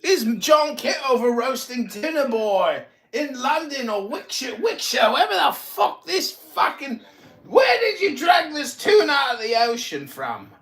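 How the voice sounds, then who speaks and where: Shouting, mocking man in his forties. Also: very high voice, big pitch swings, a little slow. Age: 40s. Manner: mocking, taunting, profane, often shouting. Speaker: livestream host. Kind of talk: heated livestream argument.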